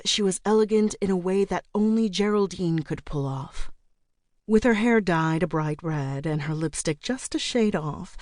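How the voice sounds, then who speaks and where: Woman audiobook narrator, low voice, dry studio sound, measured, even storytelling. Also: dry recording. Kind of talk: scripted narration.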